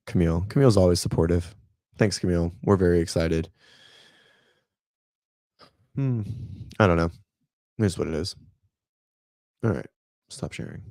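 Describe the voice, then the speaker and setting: Man in his thirties, fitness host, low gravelly voice, laid-back rambling livestream chat. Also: a little slow, pauses often, a little mellow, no echo, clean studio sound. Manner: rambling, laid-back, talks to viewers by name. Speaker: fitness coach and channel host.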